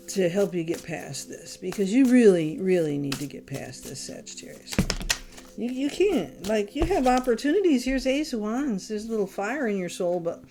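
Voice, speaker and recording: A woman with a medium-pitched voice gives a casual tarot reading at home by candlelight, with some background noise. She is blunt and exasperated, swearing freely as she speaks directly to the listener.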